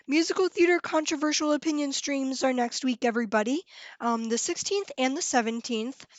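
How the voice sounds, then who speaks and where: A woman's voice: sits high, no room sound, lo-fi sound. A woman hosting a live stream, chatting casually and giggling as she reads viewers' comments.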